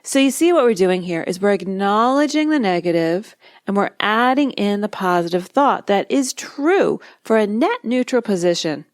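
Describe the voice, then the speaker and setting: A woman hypnotist hosting a podcast, explaining techniques in a calm, measured way with slow emphatic phrases. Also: mid-range voice, no echo, studio quality. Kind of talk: instructional podcast monologue.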